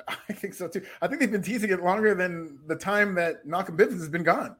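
A man co-hosting a podcast, talking excitedly and joking about wrestling in casual chat. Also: sits high, brisk, breathy edge. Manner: excitable, jokey, laughs often. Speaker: podcast co-host.

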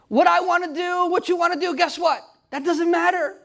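A man preaching a sermon in an emphatic style, building up to shouts at its peaks. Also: very high voice, steady tone, moderate pace, vocal fry.

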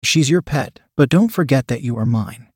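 A bossy, commanding man , voiced by the male reader of a storybook. The voice is dry and close, with no room sound, and sits at an everyday middle pitch. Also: lively intonation, moderate pace, slightly rough, no room sound. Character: commanding adult man, dominant lover.

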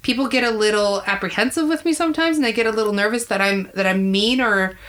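A woman comedian in her thirties, appearing as a guest, tells candid, profane stories in a casual chat. Her mid-range voice moves at a quick pace, and her storytelling is animated.

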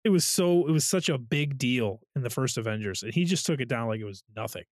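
Animated male podcast co-host, dry room. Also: mid-range voice, fairly quick, dry recording. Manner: animated storytelling, sound effects, swearing. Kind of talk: casual chat.

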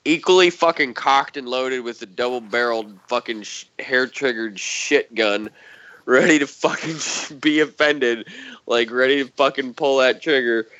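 A man's voice: medium pitch, moderate pace, bright, forceful tone. A man chatting casually on a podcast, telling a rambling story full of swearing and sarcasm. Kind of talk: casual chat. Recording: dull lo-fi sound.

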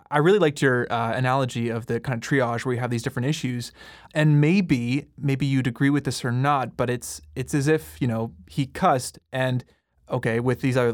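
Casting: male podcast host, mid-range voice, dry close sound, warm and affirming. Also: mid-range voice, no room sound. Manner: friendly, affirming, quick asides. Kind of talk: casual podcast conversation.

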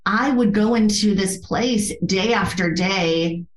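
A woman's voice: medium pitch, slow. Earnest woman guest in an echoey room. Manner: earnest, expressive personal storytelling. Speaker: interview guest, yoga therapist. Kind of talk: conversational interview.

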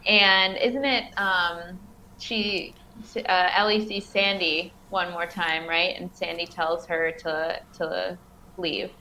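Bright-voiced woman in casual chat. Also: lowish voice, steady tone, slow, slight background noise, rough recording. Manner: chatty, backchannels often. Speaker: podcast co-host. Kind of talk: casual film discussion.

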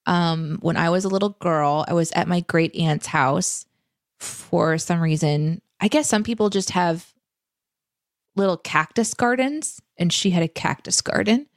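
A woman co-hosting a casual livestream chat, reading viewer questions and telling lively stories. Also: fairly low pitch, a little slow, no room sound, studio quality.

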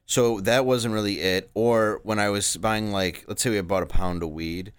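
A man's voice: lowish voice, steady tone, moderate pace, clear, resonant tone, dry recording. A man in his thirties, a stand-up comedian, telling candid, rambling stories in a casual interview.

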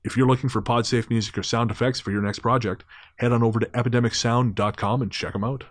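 A man's voice: mid-range voice, steady tone, quick pace. A man co-hosting a podcast, reading sponsor notes and chatting in a rambling, self-mocking way with frequent laughter. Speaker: podcast co-host. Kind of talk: casual podcast banter.

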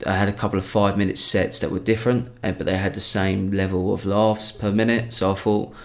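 A man's voice: sits low, level tone, a little fast. A young man, a stand-up comedian, chatting casually on a podcast and rambling through many restarts.

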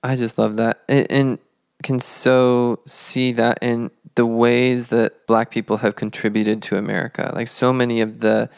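A man's voice: medium pitch, level tone, a little slow, creaky, smooth, no echo, clean studio sound. A man co-hosting a casual history podcast, talking thoughtfully with rambling restarts. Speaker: podcast co-host.

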